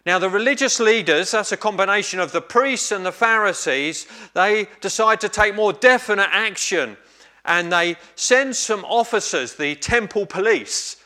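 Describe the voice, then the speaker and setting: A man preaching a sermon, telling a story in a measured, reflective way with pauses. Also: high voice, pushed and bright.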